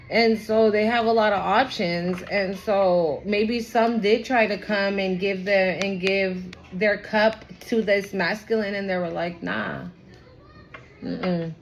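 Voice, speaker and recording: Lady doing a tarot reading, rambly and emotional, noisy room behind her. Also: mid-range voice. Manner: chatty, emotional, trails off and restarts. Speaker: tarot reader. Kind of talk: casual tarot reading to viewers. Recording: background noise.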